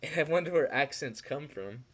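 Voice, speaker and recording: A man's voice: a little high, lively intonation, normal speed, fairly bright tone. A young man co-hosting a casual podcast chat, rambling and joking, often trailing off mid-thought. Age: young adult. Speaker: podcast co-host.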